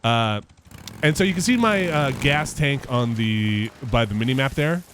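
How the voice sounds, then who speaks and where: A man's voice: medium pitch, expressive, moderate pace, a bit bright, slight background noise. Chatty man narrating his gameplay. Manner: rambling, explains as he plays, laughs often. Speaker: host playing the game. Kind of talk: casual gameplay commentary.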